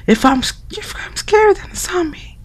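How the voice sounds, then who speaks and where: A man voicing a sarcastic teenage friend in a high, breathy whisper with a mocking manner. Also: expressive, normal speed. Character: teasing, snarky teenage friend. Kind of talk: voicing game dialogue.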